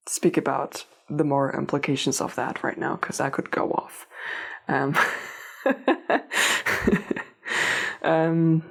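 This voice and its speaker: A woman gives a spiritual tarot reading, speaking directly to her listener. Her voice sits low and stays quite level, with little rise and fall. She wanders through her thoughts, restarting phrases as she goes. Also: creaky. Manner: meandering, many restarts and fillers, addresses listener directly. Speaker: tarot reader. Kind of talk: unscripted spiritual reading to camera.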